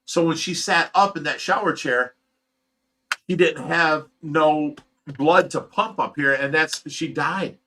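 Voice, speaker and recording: A man's voice: a little high, slow pace, sharp tone, a little hiss or hum. A man hosting his own channel, telling a painful personal story to his viewers in a raw, rambling, emotional way. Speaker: host of a fish rescue channel.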